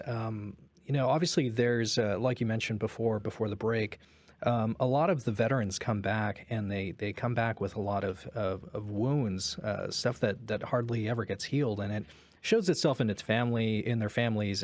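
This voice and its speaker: A man's voice: fairly low pitch, no echo. A man co-hosting a radio show, asking a long question hesitantly, with many fillers. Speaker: radio co-host. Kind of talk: interview question.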